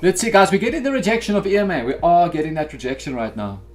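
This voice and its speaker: With soft music behind him, a high-voiced man talks quickly as he runs a live futures day-trading stream. He walks viewers through his trades in a relaxed, chatty way, addressing them as "guys."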